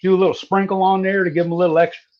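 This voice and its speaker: A man from southeastern Virginia, chatting casually while demonstrating how to fry catfish. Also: high voice, rapid-fire. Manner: folksy, relaxed, drawling. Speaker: cooking guest. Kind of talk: casual cooking demo on a live stream. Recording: dull lo-fi stream audio.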